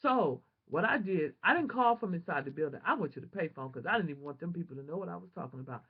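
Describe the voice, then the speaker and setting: A woman vlogger telling a personal testimony in an animated, emotional, prayerful way, on a dull lo-fi home recording. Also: on the low side, fast, husky.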